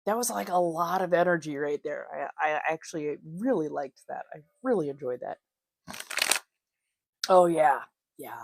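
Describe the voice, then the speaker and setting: A woman's voice: sits low, animated, moderate pace, vocal fry, darkish tone, dry recording. A woman hosting a casual livestream, chatting with viewers, laughing often and calling them darlings. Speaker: livestream host.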